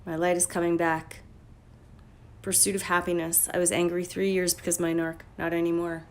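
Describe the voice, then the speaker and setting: A woman life coach talking casually on a phone livestream. She is blunt and profane and breaks into loud, emphatic bursts. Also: lowish voice, flat delivery, moderate pace. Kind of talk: casual motivational livestream talk.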